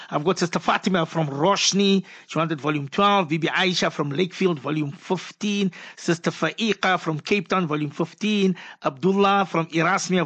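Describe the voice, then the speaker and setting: A man's voice: high voice, fairly bright tone. A man hosting a religious radio call-in show, reading out listener messages with pious, affectionate blessings.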